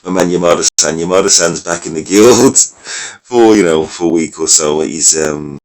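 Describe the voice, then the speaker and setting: A man's voice: low-pitched, moderate pace, a little mellow, slight background noise. A man casually talking through card game decks, rambling and correcting himself as he thinks aloud, his voice a little worn. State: losing his voice. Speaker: mobile game video creator. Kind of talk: casual gameplay commentary.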